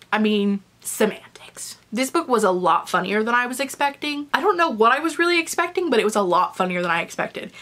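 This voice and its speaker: A young woman talks through her monthly reading in a relaxed vlog. She is chatty and candid, drops in the occasional swear word, and gets openly emotional about the books she loves. Her voice sits in a middle pitch. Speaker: book reviewer. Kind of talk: casual book review vlog.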